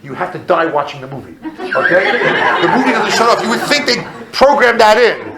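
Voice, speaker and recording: A man speaking as a rabbi, telling a comic story in an animated, self-mocking way and jumping into loud re-enactments. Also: high voice, a little fast, gravelly, reverberant, crowd noise, low-quality recording.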